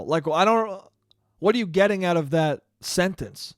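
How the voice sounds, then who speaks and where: A young man hosting a solo podcast, telling stories in a sarcastic, animated way and mocking people with quoted voices. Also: high-pitched, moderate pace, no echo, clean studio sound. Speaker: podcast host. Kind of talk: solo comedic podcast rant.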